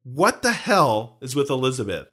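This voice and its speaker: A man co-hosting a casual movie breakdown podcast, animated and playfully swearing. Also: mid-range voice, moderate pace. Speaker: podcast co-host.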